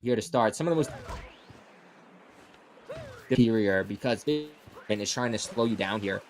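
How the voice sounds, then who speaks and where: A man's voice: on the low side, soft background music. Chatty male speedrun commentator. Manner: quick, chatty, lots of fillers. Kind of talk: casual live commentary.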